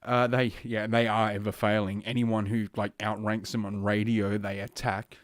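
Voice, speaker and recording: A man's voice: fairly low pitch, flat delivery, moderate pace, no echo, studio quality. A man hosting a solo podcast, rambling and crude, a little out of breath. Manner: rambling, crude and heavily profane. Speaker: podcast host. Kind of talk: casual solo podcast rant. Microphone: podcast microphone.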